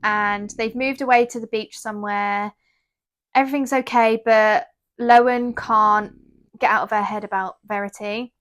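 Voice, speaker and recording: On a casual book podcast, a woman co-host walks through a novel's plot in a chatty way, quoting the characters. She speaks at a normal speed with a fairly high, steady, slightly bright voice.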